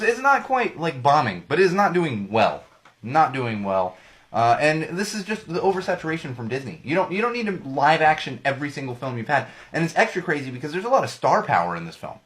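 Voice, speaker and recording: Rambling male podcast host, slightly hoarse. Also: mid-range voice, fairly bright tone. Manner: rambling, self-correcting, jokey. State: slightly losing his voice. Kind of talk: casual solo commentary.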